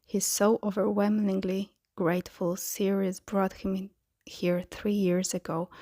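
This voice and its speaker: A woman narrating a fan-fiction audiobook in a soft voice that often slips into a whisper. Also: medium pitch, dry recording, studio quality. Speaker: podfic reader.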